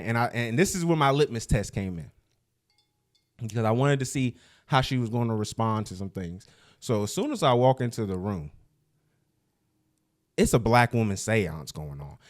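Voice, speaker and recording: A man co-hosting a casual podcast, telling a long story in a relaxed way and jumping up loudly when indignant. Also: mid-range voice, normal speed. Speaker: podcast co-host.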